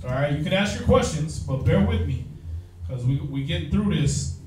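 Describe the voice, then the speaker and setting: A man leading an informal Bible study, speaking in a slangy, sarcastic, animated way. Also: a little high, normal speed, slight background noise. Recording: echoey room, mic at a distance.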